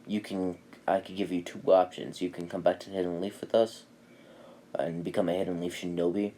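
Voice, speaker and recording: A man's voice: deep voice, little pitch movement, brisk, dark tone. A man voicing a cocky teen boy ninja. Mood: cool.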